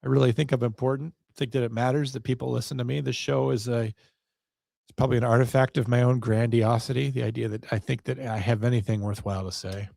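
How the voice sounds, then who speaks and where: Male podcast host, rambling solo talk, self-mocking, mid-pitched voice, dry close sound. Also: steady tone, a little fast, creaky, mellow, no echo. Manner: self-deprecating, wry and meandering.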